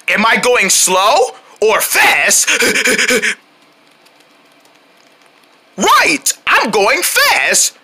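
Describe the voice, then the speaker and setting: A woman voicing a cheerful, excitable young boy who talks straight to child viewers in a sing-song way. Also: sits high, slow, breathy edge, full character voice. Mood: playful. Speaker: children's show character. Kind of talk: children's cartoon voice acting.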